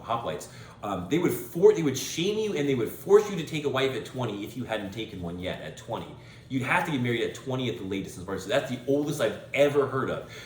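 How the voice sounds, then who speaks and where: A man delivers an opinionated monologue as host, lecturing his listeners emphatically and hammering points home through repetition. His voice sits at an ordinary middle pitch. The recording carries a noticeable room echo. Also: a little hiss or hum. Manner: emphatic, lecturing, repeats phrases for stress. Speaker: podcast host.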